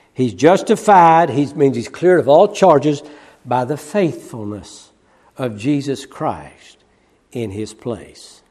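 A man preaching a sermon. He swings between loud, quick emphasis and hushed, slow passages, and repeats key phrases. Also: mid-range voice. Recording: long reverb of a large hall.

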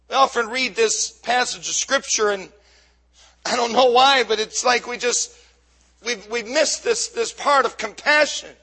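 A man preaching a sermon, fervent, swinging between shouts and hushed asides. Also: very high voice, a little slow. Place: church service.

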